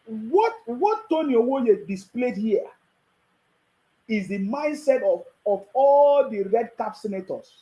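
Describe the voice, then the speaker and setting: The audio is poor, but the mid-range, warm voice comes through very animated at normal speed. A Nigerian-accented speaker offers casual political commentary to the camera, peppering it with mocking rhetorical questions, chuckles between points and repeated check-ins of "you understand me?".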